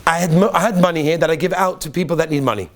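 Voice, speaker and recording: A rabbi voicing a gentle, wise old Rebbe. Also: male voice, fairly high pitch, very fast, voice pushed down, lightly acted. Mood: patient. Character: wise, gentle elderly Hasidic Rebbe explaining kindly.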